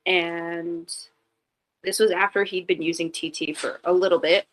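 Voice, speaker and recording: A woman sits as a guest, talking candidly through a personal story. Her voice sits a little low, and she leans on "like" and restarts in a loose, chatty flow. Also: steady tone, measured pace, fairly bright tone, slight background noise, poor audio. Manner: chatty, full of "like" fillers and restarts; candid and reflective. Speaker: podcast guest. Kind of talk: casual storytelling in an interview.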